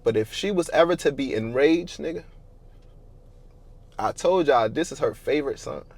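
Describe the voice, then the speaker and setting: A man's voice: medium pitch, animated, moderate pace, darkish tone. Man telling a raw storytime, slangy and candid. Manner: slangy, candid, swearing, rising in anger. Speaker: storyteller vlogger. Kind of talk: casual storytime monologue.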